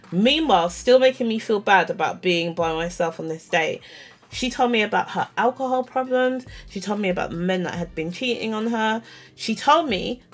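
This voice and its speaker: A woman chats straight to camera in a casual storytime vlog. She is animated and self-mocking, keeps saying "like," and acts out the back-and-forth of a conversation. Her voice sits at an ordinary mid pitch, and faint music plays underneath. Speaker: vlogger.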